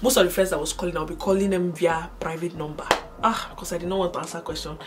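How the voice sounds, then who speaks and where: A young woman with a Nigerian accent, telling a personal story casually to camera, animated and shifting between hushed and loud. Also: lowish voice, fast talker. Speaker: vlogger.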